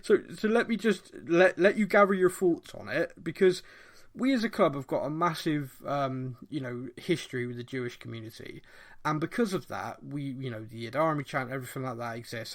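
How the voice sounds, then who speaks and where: A middle-aged man from Bristol with a mild Bristolian accent, co-hosting a podcast in a rambling, animated casual chat. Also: on the high side. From Bristol, England. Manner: animated, rambling, thinks aloud. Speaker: podcast co-host.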